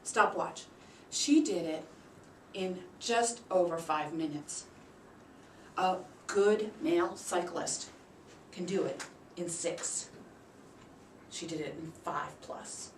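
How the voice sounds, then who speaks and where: A woman giving a prepared storytelling speech at a public speaking club. She acts out the quoted voices with big leaps in pitch and loudness. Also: slow, long pauses, slight background noise. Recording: roomy sound from a distant mic.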